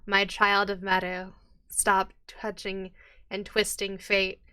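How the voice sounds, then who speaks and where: A woman voicing a mysterious, calm and ominous male spider-like being in a tabletop game. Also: medium pitch, slow, clean tone, dry recording.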